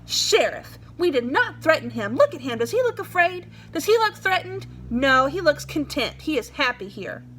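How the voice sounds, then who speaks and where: A woman's voice: high-pitched, big pitch swings, normal speed, hardly any pauses, fairly bright tone, voice pushed up. A woman reading aloud as a firm, protective farm wife who defends the boy. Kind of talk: storybook read-aloud.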